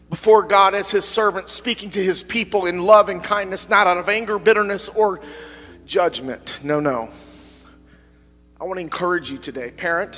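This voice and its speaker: A middle-aged man preaching a sermon as pastor, swinging from fervent shouting to quieter, conversational talk. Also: high voice, big-room sound. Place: church sanctuary, at the pulpit.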